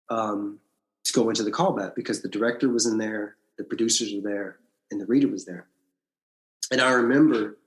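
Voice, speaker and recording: Blunt, swearing man telling a story. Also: mid-range voice. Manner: blunt, swears freely, animated retelling. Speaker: actor, podcast guest. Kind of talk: casual storytelling interview. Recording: roomy echo.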